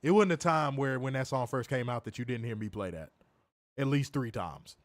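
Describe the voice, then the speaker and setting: A man co-hosting a casual live stream, talking loudly and profanely and teasing his viewers. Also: medium pitch, normal speed, dry recording. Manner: loud, profane, teasing banter addressing viewers. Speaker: co-host of a wrestling review stream.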